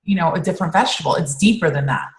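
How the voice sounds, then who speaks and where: Casting: woman team coach, low-ish voice, loose rambling talk, echoey room sound. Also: rapid-fire. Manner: rambling, many fillers and restarts. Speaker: team coach on a group call. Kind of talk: casual team call chat.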